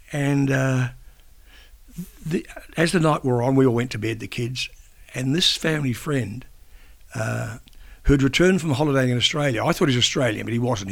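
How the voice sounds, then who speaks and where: An older man from New Zealand, a former newspaper editor and broadcaster, recounting a personal story in an interview. He speaks haltingly, with frequent restarts and fillers. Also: medium pitch, gravelly, fairly bright tone, slightly rough.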